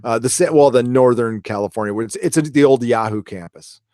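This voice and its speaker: A man's voice: mid-range voice, fairly quick, a little mellow, dry recording, clean studio sound. A man hosting a live stream, reading viewer comments in casual, rambling chat and swearing now and then.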